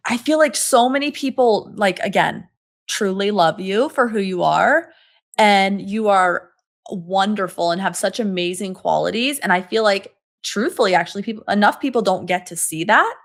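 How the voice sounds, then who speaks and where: A woman co-hosts a casual podcast chat in a mid-pitched voice with a gravelly, fry-laden edge. She speaks directly and reassuringly, with a playful streak. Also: moderate pace. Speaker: podcast co-host.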